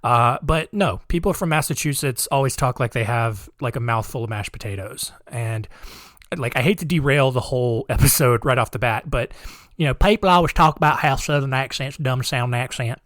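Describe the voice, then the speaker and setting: A man's voice: mid-range voice, moderate pace, fairly bright tone, dry recording, clean studio sound. Chatty podcast host man. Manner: chatty, sarcastic asides. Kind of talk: casual podcast narration.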